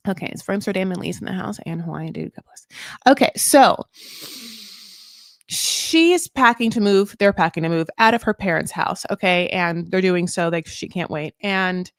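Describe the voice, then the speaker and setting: Speaking at normal speed in a low-leaning, animated voice, a woman hosts a live recap, recorded at studio quality with no room sound. Her casual chat rambles with frequent fillers, tangents and playful self-mockery.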